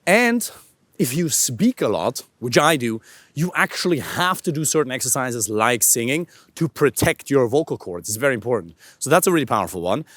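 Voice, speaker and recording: A male coach giving an energetic, animated instructional talk to camera outdoors in a park. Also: medium pitch, moderate pace, no room sound. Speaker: dating and voice coach.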